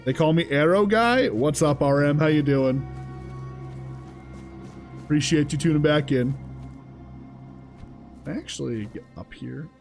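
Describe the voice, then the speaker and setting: A man's voice: a little high, unhurried, pauses often, soft background music. A young man streaming a game, chatting casually with his viewers, swearing freely and reacting to the action. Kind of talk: casual gameplay commentary.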